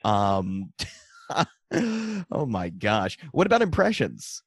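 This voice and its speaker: A man's voice: on the low side, huge pitch swings, extremely slow, slightly rough, dry recording, clean studio sound. A man hosting a podcast, rambling and laughing as he asks questions. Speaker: podcast host. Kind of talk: casual interview.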